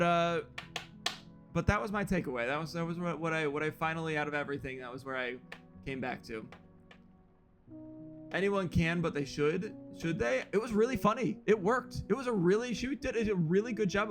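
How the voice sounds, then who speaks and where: A man streamer chatting casually and rambling through a story with frequent chuckles. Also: on the high side.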